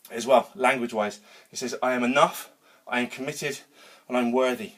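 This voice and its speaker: Worked-up man ranting after a workout. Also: mid-range voice. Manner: energetic, rambling, swears casually. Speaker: vlogger. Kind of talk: motivational talk to camera. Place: home garage gym.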